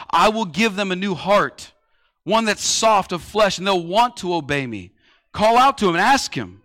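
A man's voice: on the high side, a bit bright. A man preaching a sermon in a conversational way, using everyday analogies and rhetorical questions. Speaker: pastor.

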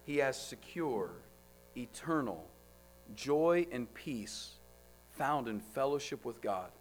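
A man preaching a sermon, firing off rhetorical questions and swinging between loud, driving lines and quiet ones. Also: mid-range voice, expressive, slow, soft background music.

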